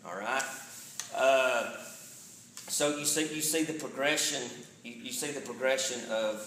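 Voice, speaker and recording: A man's voice: mid-range voice, unhurried, fairly bright tone, roomy sound, a little hiss or hum, rough recording. A man, a pastor teaching a Bible study in a casual way, often checking in with the room. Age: 40s. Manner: conversational, checks in with "all right?". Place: church sanctuary.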